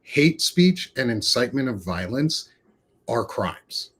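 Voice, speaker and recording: A man's voice: medium pitch, big pitch swings, slow, a bit bright, slightly rough. A man talking politics as a guest, blunt, emphatic and profane. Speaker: guest commentator. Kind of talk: casual political chat.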